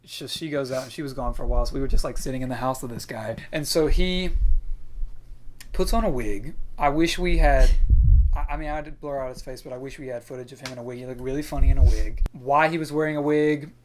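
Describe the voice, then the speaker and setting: A man's voice: medium pitch, quick pace, a little hiss or hum, poor audio. A man chatting casually, telling a rambling, wry story full of complaints.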